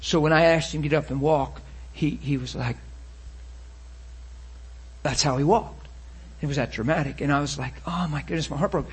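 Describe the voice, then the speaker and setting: A man preaching a sermon testimony, telling a story with emotion and swinging from loud bursts to hushed passages. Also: fairly high pitch, steady tone, moderate pace, long pauses, husky.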